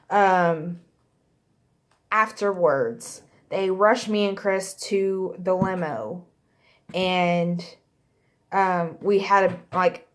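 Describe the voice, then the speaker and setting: Slow, rambling woman telling a storytime. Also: medium pitch. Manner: rambling, self-correcting, acts out quotes. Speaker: vlogger. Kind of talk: casual storytime.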